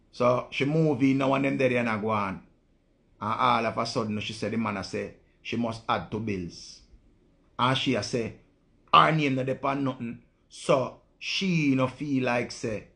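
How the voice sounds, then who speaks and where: A man's voice: mid-range voice, unhurried, vocal fry, fairly bright tone. A man with a Jamaican accent, hosting a live stream and talking casually to viewers in blunt, profane patois.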